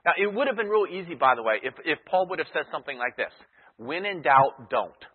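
A man's voice: on the high side, sing-song, rapid-fire, breathy edge. A man teaching a sermon as a Bible teacher, asking his listeners rhetorical questions and repeating his key phrases. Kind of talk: expository sermon. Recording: thin phone-like sound with long hall reverb.

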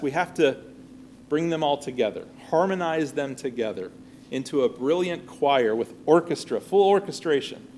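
Male Bible teacher, slightly high voice, conversational class lesson, faint background hiss. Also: darkish tone. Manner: conversational, often checks with "all right?" and "right?".

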